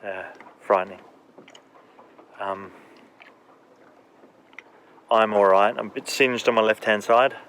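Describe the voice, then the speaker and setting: A middle-aged man in shock, talking haltingly with many pauses as he records a video diary aboard his damaged boat. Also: on the low side, fairly even intonation, a bit bright, slight background noise. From Australia. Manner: halting, filler-heavy. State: in shock, emotional. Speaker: sailing vlogger.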